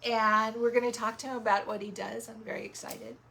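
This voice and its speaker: A woman hosting a casual interview in a small home studio, upbeat and quick to laugh. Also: on the high side, flat delivery, creaky, sharp tone.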